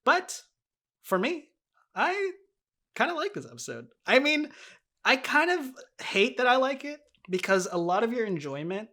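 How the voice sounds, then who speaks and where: A man's voice: very high-pitched, very animated, measured pace, sharp tone. A man co-hosting a podcast in casual recap chat, enthusiastic and teasing, laughing often. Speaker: podcast co-host.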